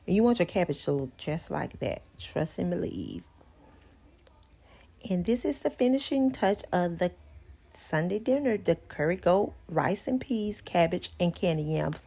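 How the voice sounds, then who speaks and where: A woman's voice: fairly low pitch, expressive, measured pace, gravelly, warm tone. A woman hosting a cooking channel, giving chatty, homey step-by-step instructions in a casual voice-over.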